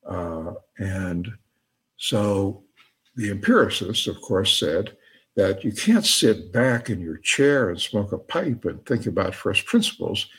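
A man giving a casual lecture in a wry, conversational way, with frequent asides and fillers and a husky voice. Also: on the low side, expressive, slow pace.

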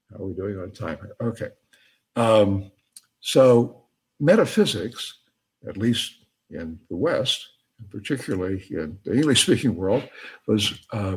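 Husky, conversational male lecturer. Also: on the low side. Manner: conversational, wry, fillers and asides. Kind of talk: casual university lecture.

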